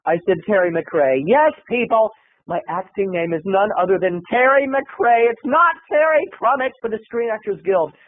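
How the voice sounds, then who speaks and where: Brief: high-voiced male comic vlogger, hammy storyteller, dry phone-quality sound. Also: expressive, moderate pace, no room sound. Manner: over-the-top, dramatic storytelling. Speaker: comedy video blogger.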